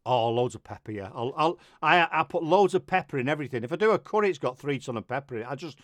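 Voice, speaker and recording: A man's voice: fairly high pitch, animated, fast, a bit bright, no echo, clean studio sound. A man hosting a casual radio show, joking and rambling, often laughing. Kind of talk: casual chat.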